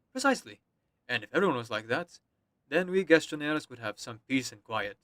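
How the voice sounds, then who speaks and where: A man voicing a calm, dryly patient older male official with a put-on French accent, reading game dialogue aloud. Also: medium pitch, normal speed. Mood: amused.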